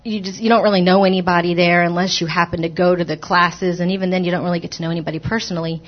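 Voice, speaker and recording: A woman's voice: fairly low pitch, fairly even intonation, very fast, highs cut off. A woman telling the congregation her personal testimony in a church, hesitant and earnest, with many restarts. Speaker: church member giving testimony. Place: church sanctuary.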